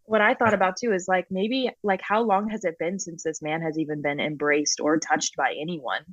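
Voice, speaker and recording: A woman's voice: fairly low pitch, normal speed, no room sound. A woman guest in a casual podcast chat, talking with enthusiasm and many fillers. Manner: enthusiastic, animated, filler-heavy. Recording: dull lo-fi sound.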